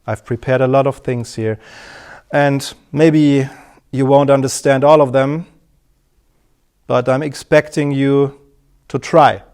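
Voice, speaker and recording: A man acting out a stiff, overconfident presenter in a tight suit who talks down to his audience in a loud, pompous voice. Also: medium pitch, steady tone, takes it slowly, long pauses, clean tone, pitched above the performer's own voice. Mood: condescending.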